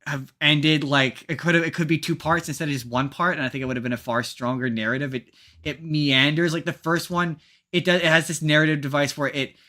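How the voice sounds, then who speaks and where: A man's voice: fairly high pitch, fairly even intonation, brisk, pushed and bright. A man hosting a podcast in casual chat, rambling and restarting his sentences often. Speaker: podcast host.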